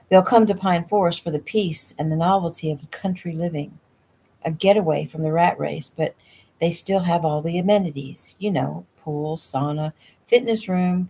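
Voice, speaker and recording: A woman's voice: low-pitched, mellow, husky. A woman reading the lines of a confident, slightly haughty young businesswoman, in a casual audiobook reading at home. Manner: plain read dialogue. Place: home room.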